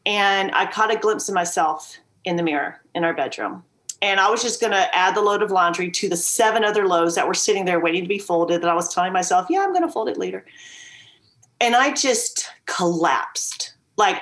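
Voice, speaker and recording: A woman's voice: fairly low pitch, fairly bright tone. A woman guest on a video call, earnestly and emphatically telling her story as a mother. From Virginia. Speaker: podcast guest. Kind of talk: candid storytelling interview.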